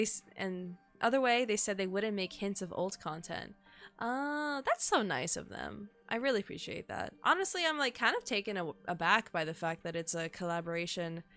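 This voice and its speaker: A young woman streaming a game, chatting casually and excitably with her viewers and swearing freely. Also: medium pitch. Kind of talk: casual live-stream commentary.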